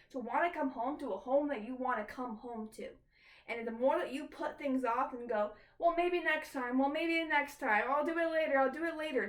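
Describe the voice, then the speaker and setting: A woman's voice: high voice, fairly bright tone, distant mic. A woman vlogging casually from her kitchen, talking candidly and swearing freely as she speaks straight to her viewers. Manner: candid, swears often, talks to viewers directly. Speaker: tarot vlogger. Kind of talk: casual confessional vlog. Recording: roomy echo, off-mic.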